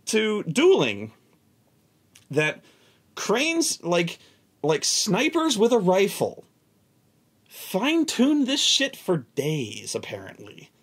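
Man, husky voice, lively swooping pitch, profane exasperated storytelling. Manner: animated, profane, exasperated, repeats words. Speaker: host telling a tabletop gaming story. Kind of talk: casual storytelling rant.

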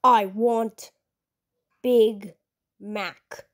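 A woman voicing a blunt, menacing male demon-slaying marine who makes curt, flat demands in a comedy sketch. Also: mid-range voice, extremely slow, voice pushed down. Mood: gruff demanding.

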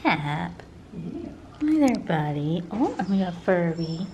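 A woman vlogger in a cat café, cooing at the cats in soft pet talk that often drops to a whisper. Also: on the low side, sing-song, slow pace, slight background noise. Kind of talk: casual talk to pets.

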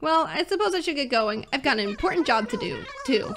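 A woman's voice: high-pitched, lively intonation, a little fast, fairly bright tone, faint music behind. A woman reading the lines of an upbeat, helpful young female assistant from a game's dialogue boxes. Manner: reading on-screen dialogue aloud.

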